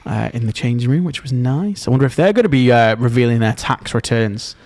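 A man from the area co-hosting breakfast radio, teasing and quick to mock his co-host on a studio microphone. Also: mid-range voice, expressive, a little mellow. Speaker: radio presenter.

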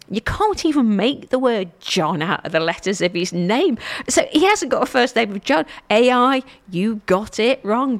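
A middle-aged woman hosting a solo show in a chatty, rambling way. Her pitch swoops up and down with lively movement as she pokes fun at herself and restarts her sentences. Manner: rambling, self-mocking, with restarts. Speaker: podcast host.

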